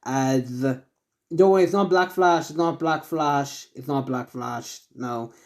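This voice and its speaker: A man improvising a fan-fiction story out loud, rambling with many fillers and self-corrections. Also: mid-range voice, unhurried.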